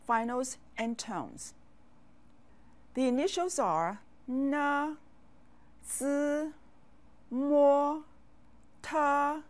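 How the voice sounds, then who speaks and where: A woman teaching a language lesson, speaking with patient, clear classroom delivery and asking learners to repeat after her. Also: on the high side. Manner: patient, drills words and asks learners to repeat. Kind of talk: slow, clear classroom instruction.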